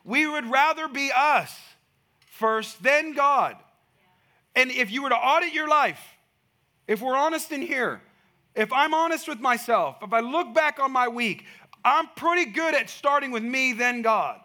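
Male pastor, high bright voice, animated preaching with a storytelling flair. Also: measured pace. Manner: animated storytelling with rising emphatic climaxes. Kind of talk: sermon.

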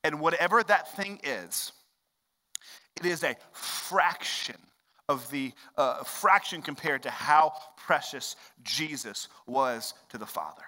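A man preaching a sermon as pastor, swinging between loud, emphatic stretches and hushed, quiet ones. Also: a little high, expressive, slow. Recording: long hall reverb.

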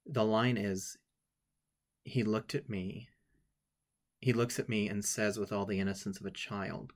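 Guy with a lowish voice, halting and choked up, telling his story and running a writing exercise. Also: level tone. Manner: halting, emotional, many restarts. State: tearful. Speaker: writing workshop leader.

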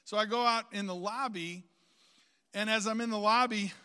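A man's voice: sits high, steady tone, normal speed, bright, forceful tone, clean tone, long reverb tail. A man preaching a sermon, outgoing and talkative, calling on the congregation to repeat phrases after him.

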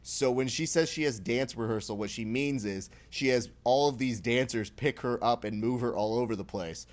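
Guy cohosting a wrestling podcast, swears a lot, acts out quotes, middle pitch. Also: normal speed. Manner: animated, profane, acts out quotes. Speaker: podcast co-host. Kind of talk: casual wrestling chat.

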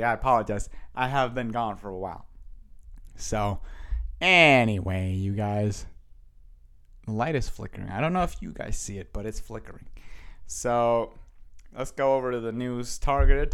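A man's voice: medium pitch, unhurried, long pauses, a bit bright, clean tone. A man hosting a casual solo podcast, rambling and correcting himself as he reads headlines aloud and riffs on them. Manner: rambling, self-correcting, chuckles between thoughts. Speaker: podcast host.

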